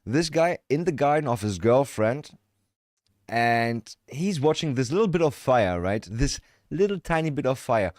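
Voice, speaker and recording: A man's voice: medium pitch, lively intonation, a little slow, a little mellow, no echo, clean studio sound. A man livestreaming, reacting to videos with joking, profane live commentary.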